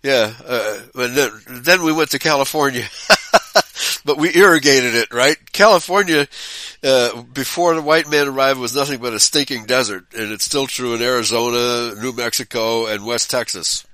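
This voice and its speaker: A man co-hosting a talk show in casual, chatty conversation, chiming in with quick affirmations and chuckles. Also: medium pitch, sharp tone, no echo. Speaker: podcast co-host. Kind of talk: casual chat.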